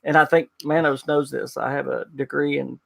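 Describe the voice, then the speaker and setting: A man's voice: mid-range voice, level tone, normal speed, gravelly, fairly bright tone, no room sound. A man with a Southern US accent, a pastor hosting a podcast, telling stories in a chatty way with fillers and laughter. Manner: chatty storyteller, laughs often, many fillers. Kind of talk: casual podcast chat.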